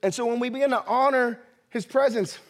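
Man, 30s, high-pitched pastor, animated sermon delivery, mimics voices and laughs. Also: fairly quick. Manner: animated, acts out quoted voices, laughs often. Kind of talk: energetic sermon.

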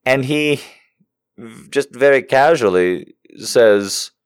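A man's voice: mid-range voice, expressive, takes it slowly, clean tone. A man telling a comic story in a profane, self-mocking way. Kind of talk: comedic storytelling.

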